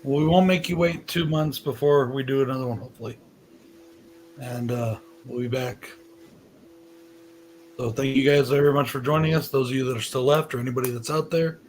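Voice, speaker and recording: A man's voice: medium pitch, fairly even intonation, brisk, a little mellow, a little hiss or hum, low-quality recording. A man hosting a casual podcast chat, rambling with lots of fillers. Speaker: podcast host.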